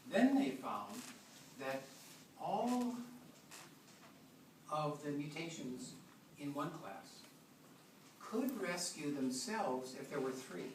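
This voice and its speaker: A man giving a classroom science lecture, explaining step by step and often restarting his sentences. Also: mid-range voice. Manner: explanatory, thinks aloud with frequent restarts. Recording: echoey room, far from the mic, with noise.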